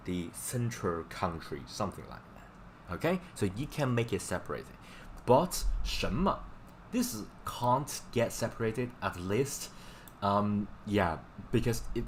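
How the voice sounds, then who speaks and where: A man's voice: on the low side, a little hiss or hum. A man teaching Chinese in a live-stream lesson, explaining casually in English with many fillers and repeating words for practice.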